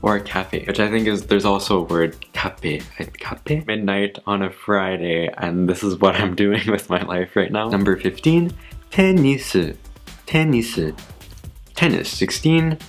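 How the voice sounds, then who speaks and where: A young man chatting casually on his channel, laughing often at himself and repeating words slowly to practice saying them. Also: deep voice, soft background music. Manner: giggly, self-deprecating, repeats words slowly. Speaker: YouTuber. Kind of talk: casual vlog, word list.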